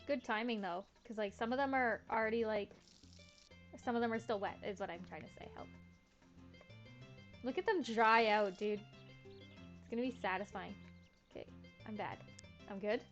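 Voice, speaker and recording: A woman's voice: medium pitch, moderate pace, long pauses, lo-fi sound, faint music behind. A young woman streaming a farming game, chatting in a laid-back, slangy, self-mocking way. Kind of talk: casual gameplay commentary.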